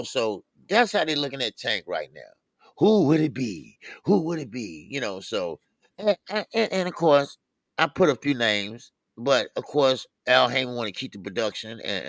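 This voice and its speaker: Gravelly-voiced man hosting a boxing stream. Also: lowish voice, dry recording. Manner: shouts out viewers with lively, drawn-out greetings. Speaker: boxing show co-host. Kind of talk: casual live-stream chat.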